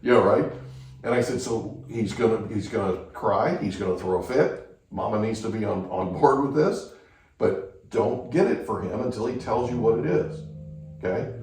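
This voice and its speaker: A man's voice: lowish voice, expressive, normal speed, a little mellow, very echoey, distant mic, rough recording. A male podcast host telling anecdotes in a casual chat, often checking in with the listener by asking "right?".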